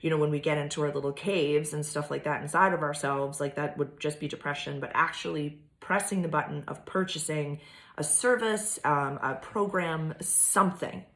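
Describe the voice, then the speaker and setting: A woman's voice: low voice, normal speed, a bit bright. A woman vlogging about astrology in a casual, rambling way, full of fillers and swearing. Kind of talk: casual monologue. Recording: echoey room.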